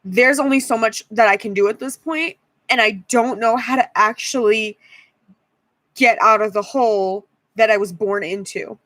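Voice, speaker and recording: A woman's voice: on the high side, moderate pace, a bit bright, no echo. Weary, frustrated young woman vlogging. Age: 20s. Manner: frustrated, tired, repeats herself. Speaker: YouTuber. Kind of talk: frustrated vlog rant.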